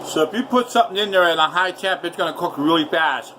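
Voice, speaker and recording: A man's voice: fairly high pitch, fast talker, recorded from a distance, a little hiss or hum, rough recording. A man telling a rambling, profane story in his home kitchen while cooking. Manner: profane, loud ranting storyteller.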